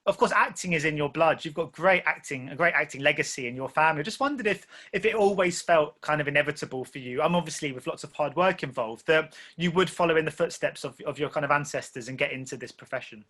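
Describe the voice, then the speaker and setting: Male film interviewer, quick and higher-pitched, chatty and rambling. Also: pushed and bright. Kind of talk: casual press interview.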